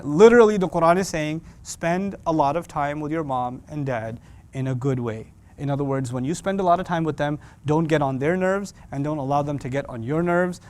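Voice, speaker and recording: Teaching a Quran class to young adults, a man with a slightly high voice keeps things lively and joking, slipping into the voices of parents and teens to make his points.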